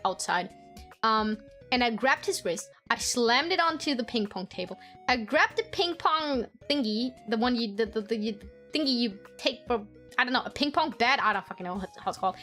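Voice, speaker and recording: A woman with a bright, high voice chats with her stream audience and swaps childhood stories. She curses freely, laughs often and slips into squeaky impressions of her family. Soft music plays underneath. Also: animated, normal speed. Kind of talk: casual storytelling chat with viewers.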